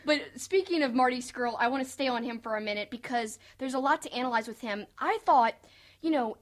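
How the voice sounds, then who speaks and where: High-voiced enthusiastic woman podcaster. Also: fairly quick. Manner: enthusiastic, chatty, lots of "like". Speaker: podcast co-host. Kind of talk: casual wrestling podcast chat.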